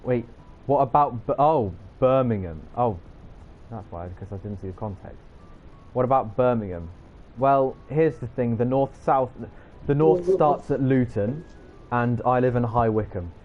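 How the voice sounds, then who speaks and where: A man's voice: mid-range voice, unhurried. A young man chats through a live racing-game stream, ribbing his viewers in a joking tone. His mid-range voice comes through slightly muffled audio with faint music underneath. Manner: teasing, jokey banter with chat. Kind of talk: live gameplay chat with viewers.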